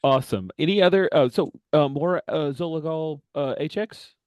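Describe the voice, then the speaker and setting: A man with a Southern US accent running a tabletop game as game master, relaxed and teasing. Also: on the high side, moderate pace, smooth, dry recording.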